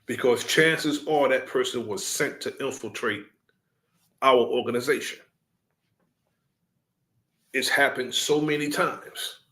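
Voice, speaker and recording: A man addressing his followers in a deliberate, preaching cadence, repeating his key points. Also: mid-range voice, bright, forceful tone.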